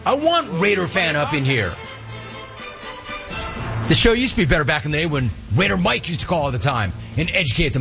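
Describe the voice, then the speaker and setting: A man's voice: on the high side, lo-fi sound. A man hosting a sports radio show, telling a casual story and acting out the voices in it. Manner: animated storyteller, acts out voices in anecdotes.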